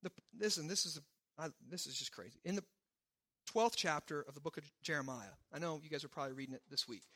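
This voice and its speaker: A man's voice: fairly high pitch, fast talker, pushed and bright. A man preaching a sermon in a conversational, emphatic way, often checking in with the congregation. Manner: emphatic, conversational preaching with frequent "right?" asides. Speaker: pastor.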